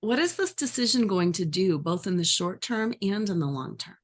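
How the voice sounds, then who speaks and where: Animated woman coaching a workshop. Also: mid-range voice, moderate pace. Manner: animated, acts out inner voices. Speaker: life coach. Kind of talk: workshop teaching.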